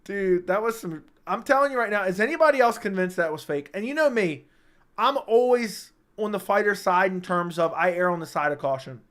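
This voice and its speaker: Animated high-voiced man livestreaming. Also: a little fast. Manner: animated, emphatic, repeats himself, swears freely. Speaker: livestream host. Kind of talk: casual livestream chat. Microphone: studio microphone.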